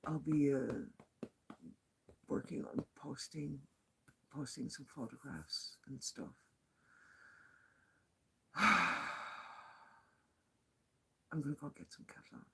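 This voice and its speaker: A woman's voice: deep voice, creaky, slightly rough. A woman recording a casual video diary as a walking pilgrim, talking in a rambling, heartfelt way with many fillers and restarts.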